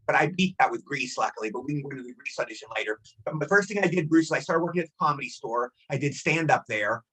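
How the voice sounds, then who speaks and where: A man's voice: mid-range voice, animated, fast talker, sharp tone, husky. A man in his sixties, a guest actor telling rambling anecdotes in a casual interview and repeating himself.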